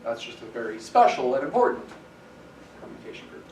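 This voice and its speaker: A man's voice: mid-range voice, sing-song, a little fast, a little mellow. Male lecturer in an echoey classroom. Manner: explanatory, stresses key words. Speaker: math professor. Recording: echoey classroom from some distance, faint hiss.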